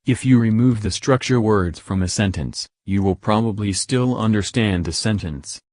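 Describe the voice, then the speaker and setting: A man explaining English sentence stress in a recorded lesson, slowing to stress his example words. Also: on the low side, a little mellow, dry recording, clean studio sound. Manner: slow, deliberate word-by-word emphasis on examples. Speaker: English teacher.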